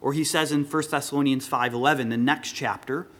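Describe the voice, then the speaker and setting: A man's voice: medium pitch, fairly even intonation, brisk, fairly bright tone. A man preaching an earnest sermon, rising with emphasis when he quotes scripture. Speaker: pastor.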